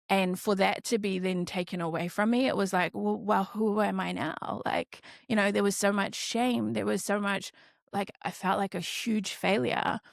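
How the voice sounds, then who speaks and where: A woman in her thirties talks candidly as a podcast guest, at a middle pitch with a gravelly fry in her voice. She is emphatic and plain-spoken, slipping into her own past thoughts and swearing casually. The sound is close and dry. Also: no room sound. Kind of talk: candid personal storytelling.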